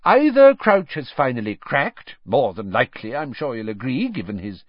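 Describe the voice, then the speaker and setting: A man's voice: mid-range voice, very animated, moderate pace, dry recording, muffled recording, voice pushed up. A man voicing a pompous, flustered middle-aged male government minister who blusters emphatically. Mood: blustering.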